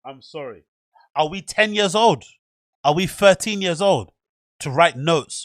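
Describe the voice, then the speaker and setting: A man's voice: on the high side, moderate pace, a bit bright, no echo. A man hosting a reaction video, ranting bluntly and incredulously with plenty of swearing. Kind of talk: casual reaction commentary.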